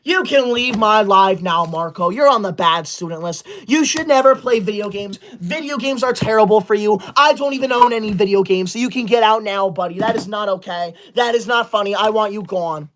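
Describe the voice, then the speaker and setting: A man voicing a prissy, self-righteous schoolboy livestreamer and teacher's pet, scolding and banning his viewers with quick outrage in a comedy sketch. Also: sits high, a bit bright, a little hiss or hum. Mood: indignant scolding. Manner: indignant, scolding, easily outraged.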